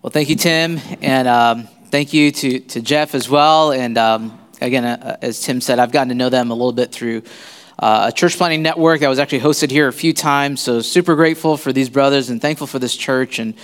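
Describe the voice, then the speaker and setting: A man giving a sermon as a visiting pastor in a church, speaking haltingly with many fillers and restarts. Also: medium pitch, clear, resonant tone, in a large hall. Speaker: guest pastor. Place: church sanctuary.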